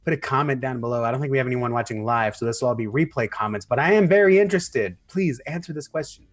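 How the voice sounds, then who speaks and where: A man's voice: medium pitch, quick pace. Teasing male co-host, chatty. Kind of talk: casual live stream chat.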